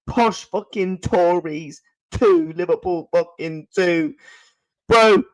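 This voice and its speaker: A man's voice: high voice, takes it slowly, low-quality recording. A young man, ranting and swearing at his live chat after his team's match, talking into a desk mic at home. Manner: furious ranting, swearing, repeating himself. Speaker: football fan channel host. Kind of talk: angry post-match reaction to live chat. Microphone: desk mic he is adjusting.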